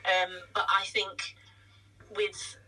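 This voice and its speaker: Chatty actress, husky voice. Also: female voice, medium pitch, completely flat delivery, pushed and bright, recorded from a distance, poor audio. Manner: chatty, self-deprecating, quick asides. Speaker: musical theatre actress, guest. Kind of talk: casual interview chat.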